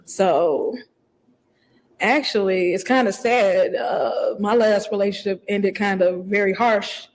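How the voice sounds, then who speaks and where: A woman's voice: mid-range voice, slow pace. A woman contestant on a dating show, talking openly and emotionally about her past. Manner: open, emotional, candid.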